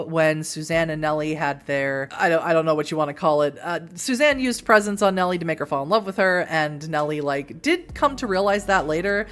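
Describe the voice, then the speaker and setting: A woman vlogger rambling through a show recap in a giggly, self-deprecating way. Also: sits low.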